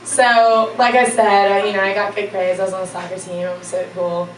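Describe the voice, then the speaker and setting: A woman's voice: medium pitch, little pitch movement, a little fast, a crowd in the background. A young woman telling a funny story to a live audience, casual and profane, laughing often. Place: stage before a live audience. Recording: echoey room, distant mic, audience noise.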